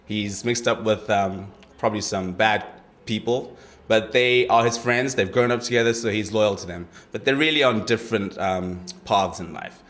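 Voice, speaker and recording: A man introducing his audition piece as a talent show contestant, in a relaxed, explanatory way. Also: lowish voice, moderate pace.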